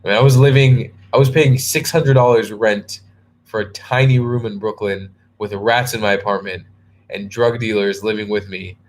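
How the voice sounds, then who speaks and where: Tired young dude rambling on a livestream, answering chat, lots of restarts. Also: male voice, lowish voice, steady tone, normal speed, slight background noise. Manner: rambling, restarts a lot, reads viewer comments aloud. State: tired and yawning. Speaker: travel vlogger answering live chat. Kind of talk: casual live-stream chat.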